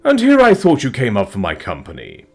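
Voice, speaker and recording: A man voicing a kind, motherly female dragon who speaks politely and teases gently in a storybook reading. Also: medium pitch, wildly swooping pitch, fairly quick, soft background music, pitched above the performer's own voice. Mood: fond teasing. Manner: polite, wistful, playful.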